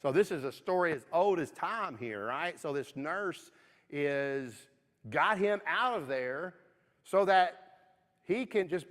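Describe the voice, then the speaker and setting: A man's voice: on the high side, a bit bright. West Kentucky man teaching a Bible class. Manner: conversational, frequent "okay?" check-ins. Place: church auditorium. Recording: long reverb of a church auditorium.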